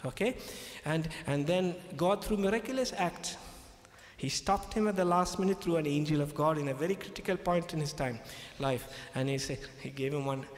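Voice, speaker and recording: Emphatic pastor speaking in an echoey hall. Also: male voice, on the high side, moderate pace. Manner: emphatic, repeats key phrases, checks in with "okay?". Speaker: pastor in a public debate. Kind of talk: debate speech retelling scripture. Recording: echoey hall with long reverb.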